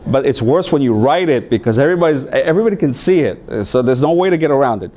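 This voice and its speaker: A man training new teachers, telling stories in an animated way and acting out voices. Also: medium pitch, fast talker. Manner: animated storytelling, acts out voices.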